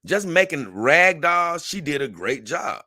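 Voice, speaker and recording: A young man hosting a casual livestream, reading a text aloud and reacting to it in an animated, conversational way. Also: fairly high pitch, a little slow, no echo, studio quality. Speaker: livestream host.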